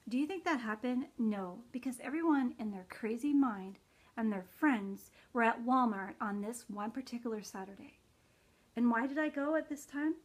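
A middle-aged woman vlogging casually about cross stitch, who slips into an exasperated rant that climbs toward near shouting. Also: on the high side. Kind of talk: casual vlog chat.

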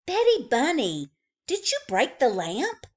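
A woman voicing a stern but caring mother rabbit who asks firm, measured questions. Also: high voice, wildly swooping pitch, pitched above the performer's own voice, full character voice.

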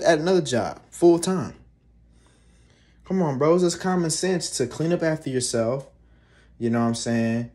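A man's voice: a little high, a little mellow. Young male vlogger, raised voice, rambles and curses through an exasperated rant. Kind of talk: casual ranting monologue.

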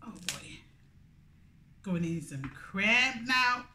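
A woman's voice: medium pitch, animated, very slow, bright, forceful tone. A woman with a Grenadian accent, a food vlogger chatting casually between bites. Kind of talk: casual eating vlog chat.

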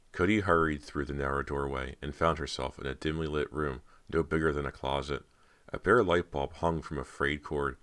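A man narrating an audiobook in a steady, measured storytelling voice. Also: rumbling low.

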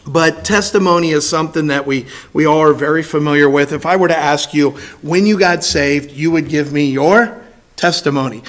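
A man serving as assistant pastor, preaching an evening sermon in a hoarse, raspy voice, reading scripture and adding folksy, self-deprecating asides with some throat clearing. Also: sits high. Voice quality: raspy, scratchy. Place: church sanctuary.

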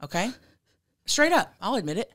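Brash, animated woman podcast host. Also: mid-range voice, normal speed. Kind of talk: casual chat.

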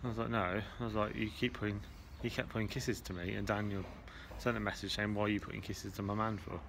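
A man's voice: fairly low pitch, fairly even intonation, fast, vocal fry, a bit bright. A man with an English accent venting casually to camera at a railway station, aggrieved and repetitive as he tells a story. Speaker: vlogger. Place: outdoor railway station platform. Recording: noisy station ambience.

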